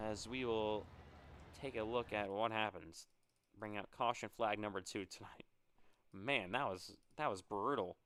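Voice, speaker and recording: A young man calling live play-by-play for an online racing series, excitable and exclaiming at crashes. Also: fairly low pitch. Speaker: race commentator. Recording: loud racing game engine noise behind.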